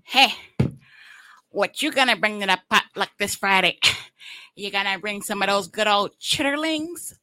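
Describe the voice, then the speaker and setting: Brief: woman doing a goofy loud male boss, bright-toned, slow and jokey. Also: mid-range voice, lightly acted. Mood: mocking. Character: clueless cheerful male office manager.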